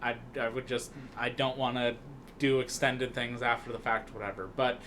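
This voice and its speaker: In a casual film recap chat, this male podcast co-host speaks at normal speed in a bright, forward, medium-pitched voice with little pitch movement. He rambles loosely, with lots of fillers and restarts, over faint background noise.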